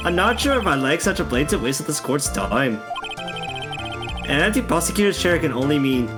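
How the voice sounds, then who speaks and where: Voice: mid-range voice, big pitch swings, a little fast, over music, lightly acted. A streamer voicing a ponderous, pompous old male judge in a fan dub of a game. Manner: ponderous, grand.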